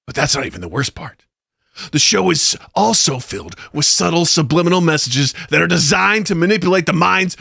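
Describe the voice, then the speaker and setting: An indignant, bombastic conspiracy pundit, as a man puts him on, declaiming his outrage in a raised, gravelly voice. The tone is bright and cutting, and the pitch leaps about wildly. The sound is close and dry. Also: no room sound, full character voice. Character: ranting male conspiracy talk-show pundit, outraged.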